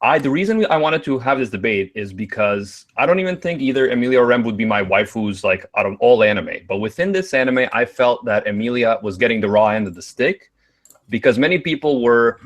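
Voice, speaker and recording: A man's voice: mid-range voice, animated, a little fast. Man arguing earnestly in a debate. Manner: earnest, emphatic arguing, rhetorical questions. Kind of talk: live online debate.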